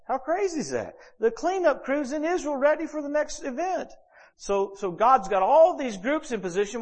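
A man preaching a sermon as the pastor, telling stories in a lively, animated way with big swings in pitch and volume.

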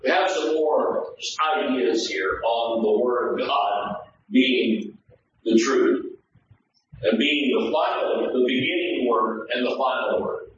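A man's voice: medium pitch, takes it slowly, a little hiss or hum. A pastor with a drawl teaches Bible study to his congregation, slipping in jokes and calling for replies. His voice rings through a large, echoing sanctuary. It is picked up from a distance, and the sound is muffled and dull. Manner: folksy, joking, asks the congregation for responses. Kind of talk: conversational sermon. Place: church sanctuary.

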